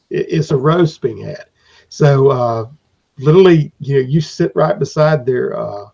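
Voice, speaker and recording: A man's voice: mid-range voice, creaky, a little mellow, slightly rough. A man improvising narration as game master for a tabletop game, rambling, with fillers and restarts. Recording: dull lo-fi recording.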